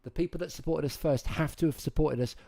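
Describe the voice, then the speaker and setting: A man's voice: fairly high pitch, fast talker, creaky, warm tone. A man hosting a livestream, chatting casually and rambling as he talks straight to his viewers. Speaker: livestream host.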